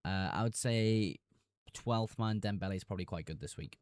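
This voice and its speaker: A man's voice: lowish voice, moderate pace, a little mellow, smooth, dry recording, clean studio sound. A young man streaming live, reading chat messages aloud and answering them casually.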